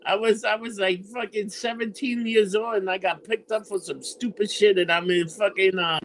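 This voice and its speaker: A man from New York with a notably high voice, talking animatedly and profanely in a casual chat. A faint hiss sits under the recording. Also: normal speed, rough recording. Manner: animated, profane, says "dude" a lot.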